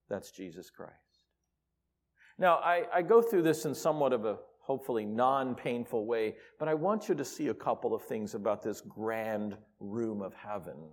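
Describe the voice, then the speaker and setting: A man preaching a sermon in a church, swinging from quiet asides to loud exclamations. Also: lowish voice. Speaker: pastor. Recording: reverberant hall.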